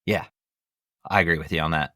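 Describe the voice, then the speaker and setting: A man's voice: extremely low pitch, fairly even intonation, a little fast, pushed and bright, no echo, studio quality. A man hosting a casual podcast discussion, rambling a bit and repeating himself as he passes questions to his guests. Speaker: podcast host. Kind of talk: casual chat.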